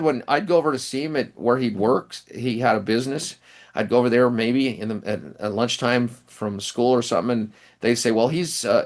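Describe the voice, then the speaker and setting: A middle-aged man, an author and professor, telling stories in an interview with many restarts and pauses. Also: mid-range voice. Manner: rambling, halting anecdotes with many restarts. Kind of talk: storytelling in a casual interview.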